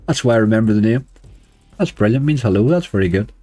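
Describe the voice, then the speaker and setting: Hoarse Northern Irish man, chatty streamer. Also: on the low side, animated, brisk, dark tone. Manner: chatty, uses "wee" and "like" often. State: hoarse, dry throat. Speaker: slots streamer. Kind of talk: casual live-stream chat.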